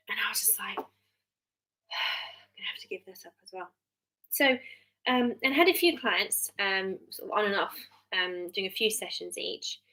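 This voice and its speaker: A woman's voice: medium pitch, bright, forceful tone, rough recording. An English woman in her thirties chatting casually on a live stream, rambling with many ums and restarts. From England. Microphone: webcam or phone mic on a live stream.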